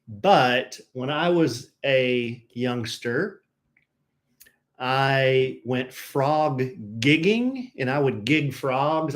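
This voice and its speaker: Give me a jokey male stream host with a middle-pitched voice who rambles while greeting viewers. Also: a bit bright. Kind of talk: casual chat greeting viewers.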